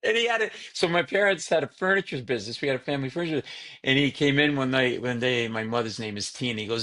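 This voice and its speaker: Comedian guest, male, animated storyteller who does the relatives' voices. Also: mid-range voice, fast. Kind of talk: storytelling in casual chat.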